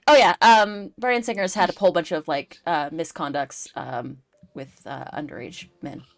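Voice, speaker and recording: A woman co-hosting a live stream, chiming in with relaxed, dry asides and quick agreement. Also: lowish voice, soft background music. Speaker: co-host. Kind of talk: casual live-stream chat.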